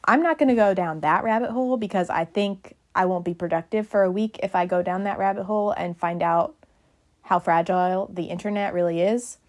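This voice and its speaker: A woman's voice: mid-range voice, a little fast. A young woman vlogger narrating casually, chatty and rambling with a self-deprecating streak.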